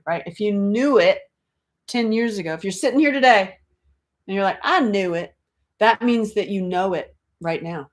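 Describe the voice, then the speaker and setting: A woman's voice: mid-range voice, moderate pace. A middle-aged woman hosting a casual livestream, talking animatedly, swearing freely and reading out viewer comments. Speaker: livestream host.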